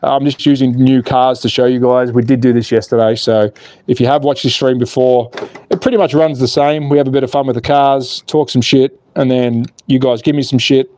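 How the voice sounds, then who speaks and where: A man's voice: mid-range voice, fairly even intonation, brisk, darkish tone, dry recording. An Australian man hosting a casual livestream, chatting and joking with viewers as he works on his slot car track. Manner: chatty and joking, reads viewer comments aloud.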